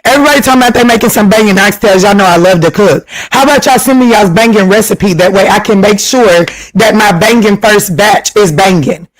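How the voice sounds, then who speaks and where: Brief: a chatty man hosting a tarot livestream, high-voiced and teasing, with frequent laughs. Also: brisk, hardly any pauses, poor audio. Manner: chatty, teasing, laughs often, pitch jumps up when excited. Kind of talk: casual live chat reading viewer comments. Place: home livestream.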